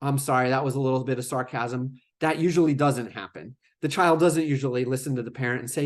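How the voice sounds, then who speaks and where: A man's voice: a little high, steady tone, a little fast, few pauses. A man presenting a webinar lecture in a conversational way, with fillers and asides to the audience. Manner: conversational, with fillers and acted-out quotes. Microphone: remote webinar microphone.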